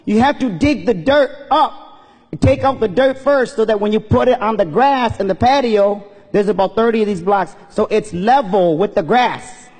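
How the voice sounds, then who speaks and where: A man's voice: high-pitched, normal speed, darkish tone, voice pushed up. A man voicing a demanding wealthy older woman who gives orders, heard with long hall reverb. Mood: bossy. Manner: bossy, giving orders.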